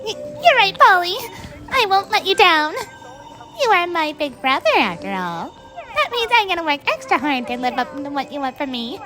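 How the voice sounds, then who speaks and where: A bubbly teenage stage magician voiced by a woman, pitched high with lively, springy swings. She talks in an excitable, playful way. Music fills the background. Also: normal speed, low-quality recording. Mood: determined. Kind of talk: fan voice dub.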